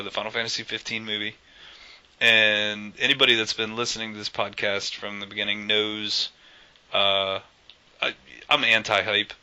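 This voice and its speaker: Bright-voiced man rambling on a podcast. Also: on the low side, highs cut off. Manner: rambling, jokey, lots of fillers and restarts. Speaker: podcast co-host. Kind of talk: casual gaming podcast chat.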